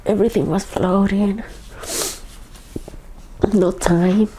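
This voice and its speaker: A woman, a hypnosis client recounting memories in a halting, hushed, often whispered, trance-like way. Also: mid-range voice, fairly even intonation, a little hiss or hum, rough recording. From Ecuador.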